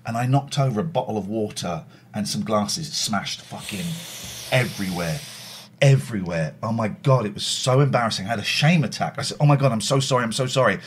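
A man's voice: on the low side, fairly quick, a little hiss or hum. A middle-aged man hosting a casual livestream, telling rambling, self-mocking stories and swearing freely. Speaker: livestream host. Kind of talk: casual chat.

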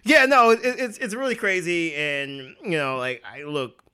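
A man's voice: a little high, unhurried, sharp tone, clear, resonant tone. A man co-hosting a casual podcast, talking in a rambling way with lots of fillers and restarts. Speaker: podcast co-host.

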